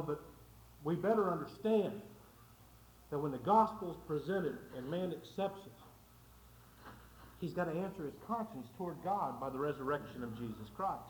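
A man preaching a sermon, telling stories with quick asides. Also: fairly high pitch, reverberant, a little hiss or hum, poor audio.

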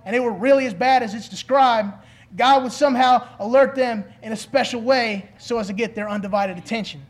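A man preaching a sermon in an earnest, pleading way, asking his listeners questions. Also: extremely high pitch.

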